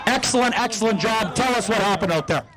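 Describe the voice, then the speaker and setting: A man interviewing a race winner at the track, loud and hyping up the crowd. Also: sits high, fast, over music, poor audio.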